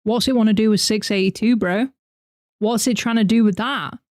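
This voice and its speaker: A woman's voice: mid-range voice, moderate pace, darkish tone. A young woman with a northern English accent, chatting animatedly on a live reaction stream and answering her chat. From north of England. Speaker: VTuber streamer.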